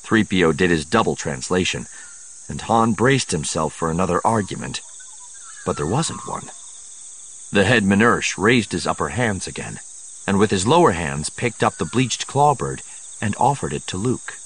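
A man narrating an audiobook in a measured storytelling manner. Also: deep voice, expressive, a bit bright, slightly rough.

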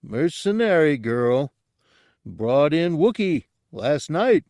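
A man's voice: a little high, sing-song, takes it slowly, a little mellow, no echo, pitched above the performer's own voice, exaggerated voice. Man voicing a grunting pig-like guard. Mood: plodding. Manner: grunting, speaks in clipped broken phrases. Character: dim, eager male pig-like palace guard.

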